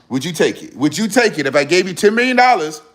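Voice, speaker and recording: A man hosting a livestream, giving an earnest motivational talk to his viewers, repeating his points for emphasis in casual slang. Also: high-pitched. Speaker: livestream host.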